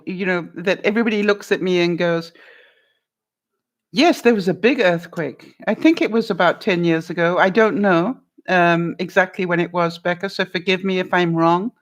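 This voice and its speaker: An older woman answers her viewers' live chat from home in a fairly low voice at normal speed. She keeps it casual, laughing often and using people's names.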